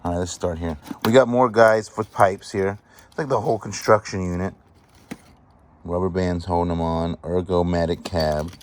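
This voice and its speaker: A man vlogging as he sorts a storage unit find, chatting excitedly and appraising each item aloud. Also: low-pitched, moderate pace, slight background noise. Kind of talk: casual show-and-tell commentary.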